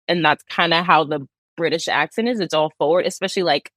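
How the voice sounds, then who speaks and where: A woman's voice: fairly low pitch, fast talker, few pauses, no room sound. A young woman with a Bronx New York accent, chatting as a podcast guest and laughing often. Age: young adult. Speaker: guest, Broadway performer. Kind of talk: casual interview chat.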